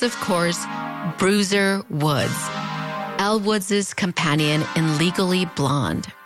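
A woman in her thirties with a fronterizo border accent, narrating a video essay in a wry, conversational way. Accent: fronterizo (US–Mexico border). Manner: wry, conversational, with big playful pitch swings. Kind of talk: scripted narration. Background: background music.

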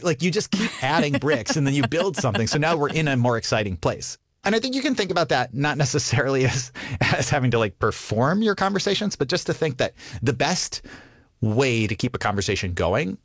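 A man's voice: mid-range voice, a little fast, no room sound, clean studio sound. A man who is a comedian, answering interview questions with lots of laughter and acting out quoted lines. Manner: animated, laughs often, acts out quoted lines. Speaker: comedian guest.

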